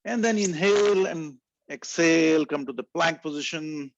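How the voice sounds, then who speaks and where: A man leading a yoga class, calmly cueing breath and poses and chanting short mantras. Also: fairly high pitch, moderate pace, dry recording, lo-fi sound. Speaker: yoga instructor. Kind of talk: guided yoga instruction.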